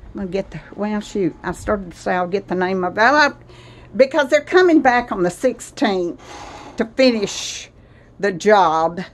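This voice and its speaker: A woman chatting to her viewers in a vlog from her country cottage kitchen, rambling and laughing often, a little out of breath. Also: medium pitch. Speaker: vlogger. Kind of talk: casual chat to viewers.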